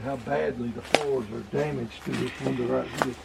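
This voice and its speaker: Gravelly man off-mic, noisy outdoors. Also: fairly even intonation, a little fast. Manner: brief, low-key comments. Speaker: camera operator. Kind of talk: casual remarks behind camera. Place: outdoors at an abandoned house. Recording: distant voice with loud outdoor noise.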